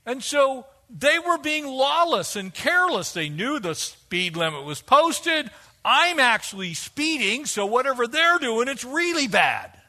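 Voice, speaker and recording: A man preaching a sermon, animated and fond of acting out quoted voices. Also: very high voice, a little slow. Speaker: pastor.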